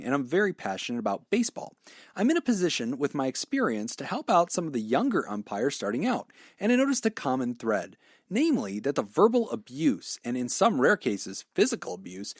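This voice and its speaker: Jokey podcast guy, thirties, bouncy pitch, dry close mic. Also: dry recording. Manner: jokey, laughs often. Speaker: podcast co-host. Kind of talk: casual chat.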